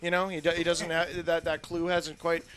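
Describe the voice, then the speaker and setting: A man's voice: fairly high pitch, monotone, brisk, fairly bright tone, clean tone. A man hosting a talk radio show, chatting loosely and rambling as he tells a story. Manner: rambling, acts out scenes in put-on voices.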